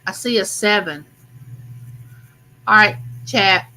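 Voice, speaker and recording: An older woman, hosting a casual live chat and talking warmly to her viewers. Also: medium pitch, slow pace, low-quality recording. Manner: chatty, affectionate, talks to viewers directly. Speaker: live stream host.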